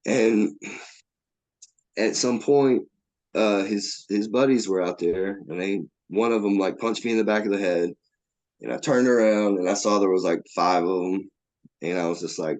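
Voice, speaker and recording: A man's voice: lowish voice, moderate pace, a little mellow. A man, a guest telling a long story in a casual way and acting out the voices of the people in it. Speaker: interview guest.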